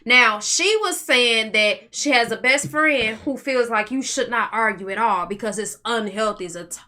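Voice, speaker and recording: A woman co-hosting a podcast in casual chat, loud and animated. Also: on the high side. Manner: loud, animated, talks fast in bursts. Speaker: podcast co-host.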